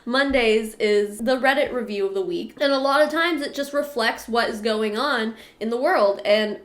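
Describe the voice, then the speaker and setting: A woman's voice: a little high, normal speed. A young woman talking casually to camera as a vlogger, sniffly and congested, chatty and candid, laughing between remarks. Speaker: vlogger host. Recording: roomy echo.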